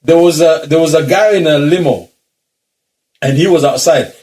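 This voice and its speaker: A man, a podcast co-host telling an animated, slang-heavy story and laughing through it. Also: on the high side, moderate pace. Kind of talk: casual storytelling chat.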